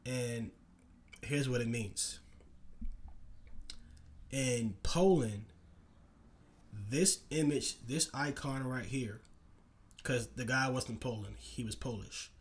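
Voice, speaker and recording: A man's voice: mid-range voice, takes it slowly, pauses often. A young man casually telling a personal story to camera, rambling with many fillers, restarts and tag questions. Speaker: vlogger.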